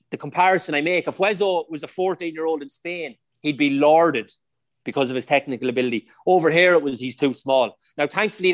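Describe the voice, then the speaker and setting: A man's voice: a little high, dry recording. A middle-aged Irish man, a former footballer, telling anecdotes in a casual podcast interview, with lots of "like" and "you know".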